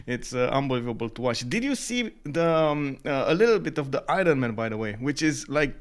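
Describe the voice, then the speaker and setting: Man casting a strategy game, halting. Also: medium pitch, very animated. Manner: halting, filler-heavy talk, many uh and um; quick to laugh. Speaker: esports co-caster. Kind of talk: live game commentary.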